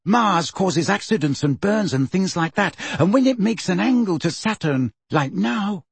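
A man reading an eager teenage schoolgirl in a raised, higher voice for an audiobook. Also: big pitch swings, moderate pace, husky, no room sound, exaggerated voice.

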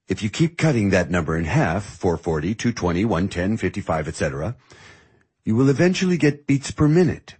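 Guy reading a chill teasing music teacher, husky lowish voice, swings up and down a lot. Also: sing-song, darkish tone. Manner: patient, teasing, measured. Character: calm, wry male music teacher. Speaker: music mentor. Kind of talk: audiobook dialogue.

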